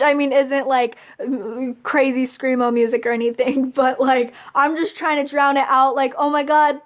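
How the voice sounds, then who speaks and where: A young woman vlogger telling a personal story in a chatty, casual way, with lots of fillers and little laughs. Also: sits high. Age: young adult. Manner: chatty, filler-heavy, giggly.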